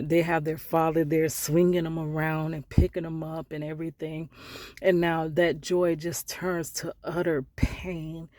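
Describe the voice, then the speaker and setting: A middle-aged woman vlogger telling a personal story in a heartfelt, conversational way, sometimes dropping to hushed asides. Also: fairly low pitch, no echo.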